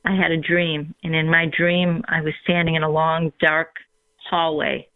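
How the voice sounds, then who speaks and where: Woman recounting her conversion, flat, gravelly delivery; tinny phone line, dry. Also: deep voice, dry recording. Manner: reflective, unhurried, with frequent ums. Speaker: guest sharing her faith story. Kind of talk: personal testimony in conversation.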